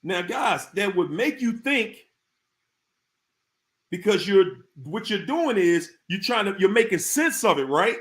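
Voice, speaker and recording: Talking about narcissists on a casual live stream, a man with a high, fairly bright voice speaks unhurriedly with big swings in pitch. He addresses viewers directly, using slang and restating points to drive them home.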